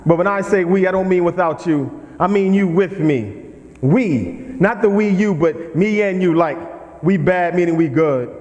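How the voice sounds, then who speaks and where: A man's voice: sits high, normal speed, darkish tone, dull audio. A man performing spoken-word poetry within a sermon, rhythmic and playful, drawing the congregation into call-and-response. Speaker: guest poet and preacher. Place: church sanctuary. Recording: reverberant sanctuary.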